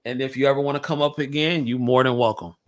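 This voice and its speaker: A man's voice: mid-range voice, fairly even intonation, quick pace. A man hosting a podcast, chatting casually in a joking, slangy, laid-back way. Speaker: podcast host. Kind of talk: casual chat.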